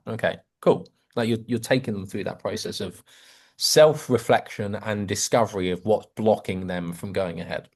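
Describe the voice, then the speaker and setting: A man's voice: on the low side, normal speed. A man coaching a group on a video call about sales, acting out customer dialogue in changing voices. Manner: lively, acts out sales dialogue in varied voices.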